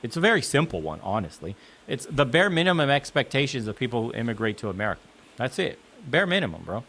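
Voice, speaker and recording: A man's voice: mid-range voice, very animated, fast, a bit bright. A man in a clip played from another video, delivering a blunt, heated, profane opinion rant. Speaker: commentator in a reacted video.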